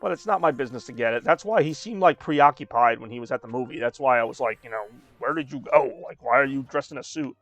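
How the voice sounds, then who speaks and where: Fast-talking man chatting while gaming. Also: mid-range voice, a bit bright, no echo, dull audio, soft background music. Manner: chatty, rambling, lots of fillers. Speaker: streamer. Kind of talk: casual chat while gaming.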